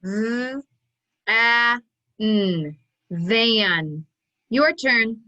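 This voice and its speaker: A woman leading a phonics drill at a very slow, careful pace, sounding out each piece before blending it. Her voice is bright and a little high, pitched for young learners. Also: expressive, dull audio. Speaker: phonics teacher. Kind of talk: online phonics lesson.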